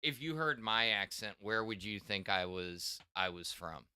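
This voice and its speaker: A man from Wisconsin with a mixed Wisconsin and Texas accent, hosting a livestream in casual chat, reading out donations in a halting way with restarts. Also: on the low side, expressive, sharp tone, clear, resonant tone, no room sound, studio quality. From Wisconsin, US Midwest. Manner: slow, halting, hesitant with many restarts. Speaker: stream host reading donations.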